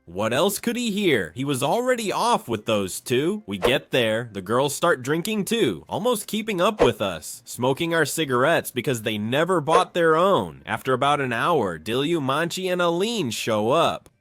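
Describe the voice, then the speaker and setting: This man narrates a funny story casually, performing all the characters' voices on his own, full of crude slang and frequent "man"s. His mid-range voice is sing-song and fairly bright, moving at a normal pace with few pauses, and the recording has no echo.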